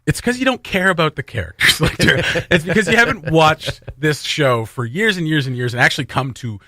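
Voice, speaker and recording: Animated, bright-voiced Canadian man chatting. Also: on the high side, brisk, dry recording, clean studio sound. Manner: rambling, jokey, puts on silly voices. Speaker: radio show co-host. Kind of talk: casual chat.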